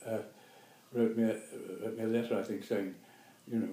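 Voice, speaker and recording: Elderly NZ man, eighties, low-ish voice, rambling chuckling memories, roomy echo. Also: little pitch movement, a little fast, mellow. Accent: New Zealand. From New Zealand. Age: 80s. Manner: rambling, chuckling, self-correcting. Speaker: guest actor. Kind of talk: reminiscing interview.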